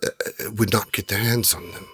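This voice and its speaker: A man voicing a scheming female merchant who talks smoothly and feigns concern. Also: lowish voice, flat delivery, normal speed, fairly bright tone, lightly acted.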